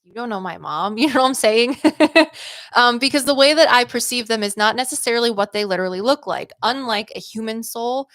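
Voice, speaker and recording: A woman's voice: a little high, brisk, fairly bright tone, dry recording, clean studio sound. A woman hosting livestream psychic readings, chatty and upbeat, rambling with lots of "like" and "um". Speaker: psychic medium host.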